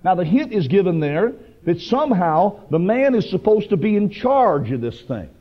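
A man preaching a sermon with fervent, emphatic delivery that rises to loud bursts. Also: sits high, sing-song, moderate pace. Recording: dull lo-fi broadcast recording.

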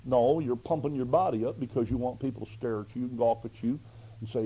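A man's voice: medium pitch, fairly even intonation, a little fast, warm tone, slightly rough, low-quality recording. A man preaching a sermon in a folksy, emphatic way, full of rhetorical questions. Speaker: pastor.

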